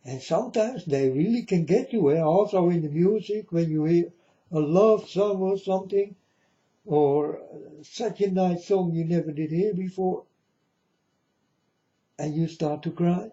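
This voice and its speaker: A man's voice: sits high, a little slow, dark tone, muffled recording. Earnest man warning his folks. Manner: repetitive, earnest, addresses listeners as folks. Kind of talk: rambling spoken warning to viewers.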